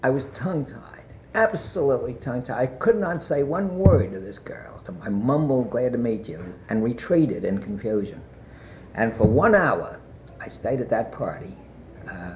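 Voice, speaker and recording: An older man being interviewed, telling a long personal anecdote in a rambling way with many pauses and fillers. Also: mid-range voice, lively intonation, darkish tone, slight background noise. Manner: rambling anecdotal, frequent "uh" and asides. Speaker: interviewee recalling his past. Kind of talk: oral history storytelling. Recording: muffled archival tape.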